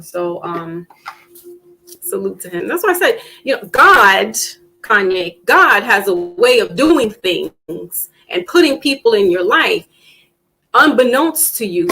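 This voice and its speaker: A woman hosting a casual live-stream panel, chatting loosely with plenty of fillers and restarts and getting animated when she tells a story. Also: mid-range voice, a little hiss or hum, rough recording. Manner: animated when telling stories.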